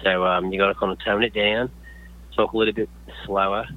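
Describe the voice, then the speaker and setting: A man putting on a toned-down Australian accent, speaking slowly and calmly. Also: on the low side, narrow, tinny audio, a little hiss or hum, natural voice. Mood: explaining.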